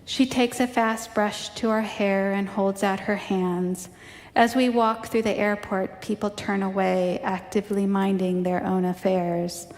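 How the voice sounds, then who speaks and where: A woman reads a personal memoir aloud in a measured, storytelling manner. Her voice sits at a medium pitch. It carries the long reverb of a church sanctuary. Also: little pitch movement, a little mellow. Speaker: reader in a church service.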